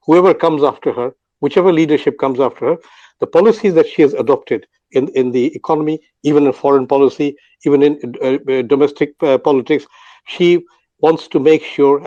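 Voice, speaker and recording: An older man from Bangladesh gives his views on a live online audio panel, pausing often and restarting his sentences. His voice sits fairly high for a man yet has a dark, mellow tone. The audio is muffled and dry. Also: no echo. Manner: halting, many fillers and restarts. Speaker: panel speaker.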